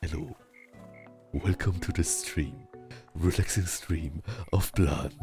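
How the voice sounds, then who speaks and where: A man with a Southern German accent and a rolled R, a native German speaker chatting casually while streaming a game, talking slowly with long pauses. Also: gravelly, darkish tone, soft background music. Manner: slow, rumbly speech with long pauses. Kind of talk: casual chat while gaming.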